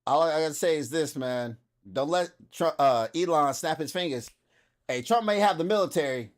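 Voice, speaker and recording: A man co-hosting a podcast, animated and teasing in casual chat. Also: on the high side, moderate pace. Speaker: podcast co-host.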